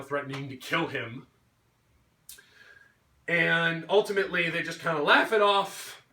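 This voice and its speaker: A man's voice: fairly high pitch, pushed and bright. A man giving an angry, swearing rant about a movie, mocking characters in put-on voices. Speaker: vlogger. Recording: roomy echo, mic at a distance.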